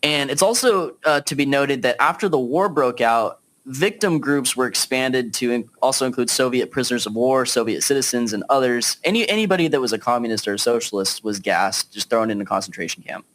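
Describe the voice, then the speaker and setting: A man's voice: medium pitch, brisk, hardly any pauses, fairly bright tone. A man hosting a podcast, leading a casual political discussion with frequent fillers. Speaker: podcast host.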